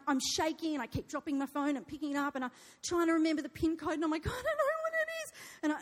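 A woman, telling a dramatic personal story to an audience and acting out her own panicked cries. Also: high voice. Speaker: speaker sharing a testimony. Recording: long hall reverb.

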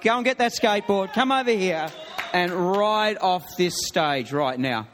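Middle-aged guy preaching, high voice, chatty and laughing, long hall echo. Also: expressive, unhurried, fairly bright tone, a faint crowd, slight background noise. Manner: chatty, laughs often, many restarts. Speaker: pastor. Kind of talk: sermon with humorous story. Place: church hall.

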